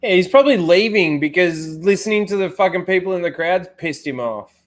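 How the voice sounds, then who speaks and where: Swearing man, lively pitch. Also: brisk, soft background music. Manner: swears freely, mock-wails in jokes. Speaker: streamer host. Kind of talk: casual live-stream commentary.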